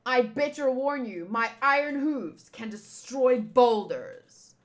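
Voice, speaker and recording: A woman's voice: on the high side, animated, takes it slowly. A woman doing a plucky little reindeer fighter. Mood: determined. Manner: determined, boastful warnings. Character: small earnest male reindeer fighter.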